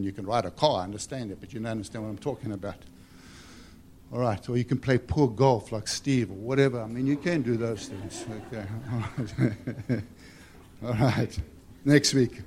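A man delivers a sermon to a congregation. He talks in a loose, conversational way, then swells into loud, emphatic repeated lines. His voice sits at an ordinary middle pitch. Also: normal speed, a little hiss or hum. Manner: conversational with emphatic rising refrains. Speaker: preacher.

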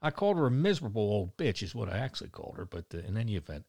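A man in his sixties with a broad Baltimore accent talks casually straight to his viewers. He rambles from one thing to the next, blunt and wisecracking, and his voice sits at an ordinary middle pitch. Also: sing-song, rapid-fire, vocal fry, few pauses, a little mellow. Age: 60s. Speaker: vlogger. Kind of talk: casual monologue to camera.

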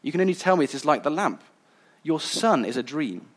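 Soft cooing witch queen, coaxing, mocking, slow, read by a man. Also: a little high, expressive.

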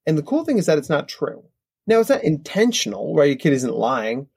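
A man in his thirties talks through ideas as an expert guest, casual and lively. His voice sits a little high for a man. He keeps checking in with "right?" and slips into quick playful voices. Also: vocal fry, husky. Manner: animated, acts out kids' voices, frequent "right?". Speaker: psychologist guest. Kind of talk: conversational expert explanation.

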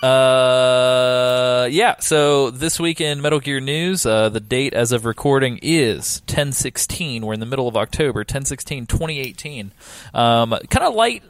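A man hosting a casual podcast, talking at a middling pitch. He rambles through the news with jokes and fillers. His voice sounds close and dry, with no room around it. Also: lively intonation, unhurried, smooth, dry recording. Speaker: podcast host.

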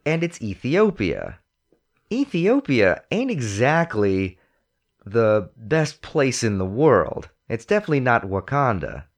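A man hosting a casual movie discussion, talking in an animated way and putting on voices when he quotes. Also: mid-range voice, slow pace.

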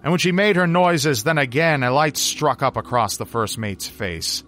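A man narrating a horror story with dramatic, drawn-out phrasing. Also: medium pitch, fairly bright tone. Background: faint music.

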